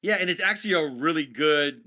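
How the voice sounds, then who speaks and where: A man's voice: fairly high pitch, animated, brisk, pushed and bright. A man co-hosting a casual movie review podcast, talking in a rambling, jokey way. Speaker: podcast co-host.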